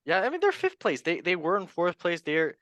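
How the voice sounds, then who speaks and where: A man hosting a casual football chat show, talking in an animated way and often repeating himself. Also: sits high, a little fast, no room sound. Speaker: podcast host.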